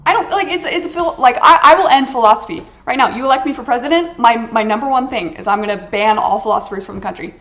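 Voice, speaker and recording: A woman's voice: on the high side, quick pace, few pauses, a bit bright. A woman vlogger chatting casually while she plays a mobile game, ranting dramatically with sarcastic, exasperated asides. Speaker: gaming vlogger.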